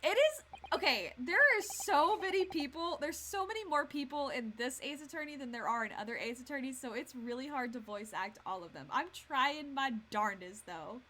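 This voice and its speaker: A woman's voice: high voice, lively intonation, normal speed, bright, forceful tone, slight background noise. A woman streamer giving casual, self-deprecating commentary while playing a game, laughing easily. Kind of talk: casual let's-play commentary. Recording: game music underneath.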